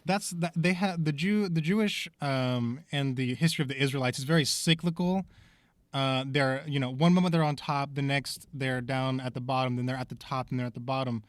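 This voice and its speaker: A man's voice: mid-range voice, brisk, no room sound. A man co-hosting a podcast, talking in a rambling, thoughtful way with lots of fillers. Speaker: podcast co-host. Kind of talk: casual podcast discussion.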